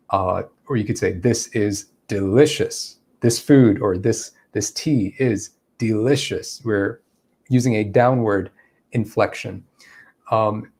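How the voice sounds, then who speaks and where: This English teacher has a medium-pitched voice with a somewhat dark tone. Live-streaming his lesson, he walks through the material step by step, acting out examples of speech.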